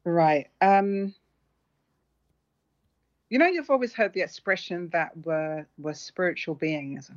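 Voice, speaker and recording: A woman's voice: fairly low pitch, lively intonation, takes it slowly, pauses often. A woman author, recounting a personal story to an interviewer in an earnest, reflective way. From London. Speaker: author guest. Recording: muffled lo-fi audio.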